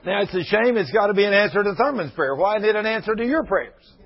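Older preacher, husky high voice, folksy storyteller, dull lo-fi radio sound. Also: male voice, expressive, quick pace. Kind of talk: sermon.

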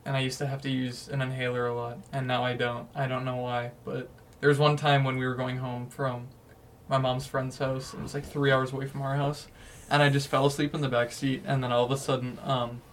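A man's voice: mid-range voice, flat delivery, brisk, far from the mic, slight background noise. A young man co-hosting a casual podcast chat, laid-back and a bit mumbly. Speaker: podcast co-host.

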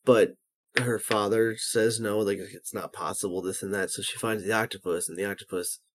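A man's voice: fairly low pitch, steady tone, moderate pace. A young man co-hosting a casual podcast, earnestly explaining with lots of fillers. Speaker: podcast co-host. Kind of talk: casual chat.

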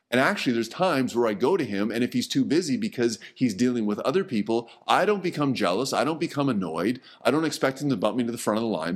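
A middle-aged pastor delivers a sermon conversationally, frequently repeating words and dropping his voice low and soft on the key ones.

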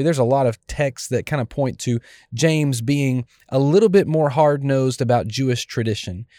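A man pastor preaching a sermon in an animated way, acting out the scenes of the scripture he is teaching. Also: mid-range voice, no echo, clean studio sound.

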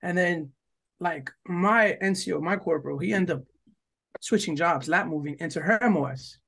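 Husky rambling young man telling stories. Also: a little high, normal speed, fairly bright tone. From New Jersey. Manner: rambling, profane, full of "like" and "yo", acts out quoted lines. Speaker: podcast co-host. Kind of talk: casual storytelling chat.

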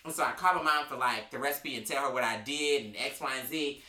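A woman co-hosting a casual podcast chat, telling family stories with lively laughter. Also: a bass voice, fast, roomy sound. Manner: animated, laughing storyteller. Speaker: podcast co-host.

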